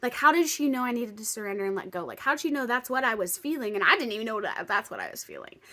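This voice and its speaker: Young woman chatting away to camera, lots of likes and ums, kinda high voice. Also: quick pace. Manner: chatty, lots of "like" and "um", swings between excited outbursts and hushed whispers. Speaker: vlogger. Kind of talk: casual storytelling.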